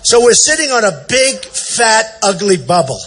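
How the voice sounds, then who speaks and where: Boastful older man shouting at a rally. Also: high-pitched, very animated, a little slow, slight background noise. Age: 60s. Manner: boastful, repetitive, off-the-cuff; often shouting to the crowd. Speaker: political candidate. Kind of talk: campaign rally speech. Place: large indoor event center.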